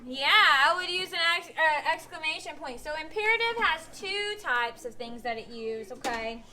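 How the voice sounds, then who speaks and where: A woman's voice: sits high, expressive, normal speed, sharp tone, a little hiss or hum. A woman teaching young pupils in a classroom, patiently asking questions and acting out example sentences. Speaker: elementary school teacher. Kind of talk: classroom instruction.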